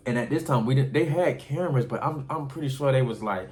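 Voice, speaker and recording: A young man tells a personal story in a casual, slangy, profane way, talking fast with a somewhat dark tone. He keeps addressing the listener as "bro," and his pitch shoots way up whenever he acts out his own shocked reactions.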